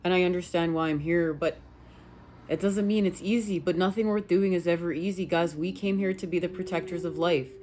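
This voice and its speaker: An emphatic, rambling woman reader speaking to her viewers in a casual spiritual chat. Her voice sits low, with faint noise behind it. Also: fairly quick. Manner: emphatic, rambling, animated with swearing.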